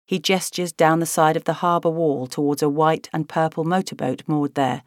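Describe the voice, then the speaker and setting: Low-voiced woman narrating an audiobook. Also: no room sound, studio quality. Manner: measured, expressive first-person storytelling.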